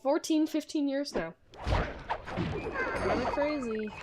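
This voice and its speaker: A woman's voice: high-pitched, expressive, takes it slowly. Chatty young woman streaming a game. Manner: rambling, chatty, frequent fillers and restarts. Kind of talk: casual gameplay chat. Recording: music playing behind the voice.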